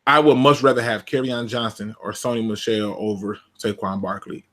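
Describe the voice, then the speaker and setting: A man's voice: fairly low pitch, fairly even intonation, normal speed, a bit bright. A man co-hosting a casual sports podcast, emphatic and fond of repeating phrases for effect. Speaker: podcast co-host.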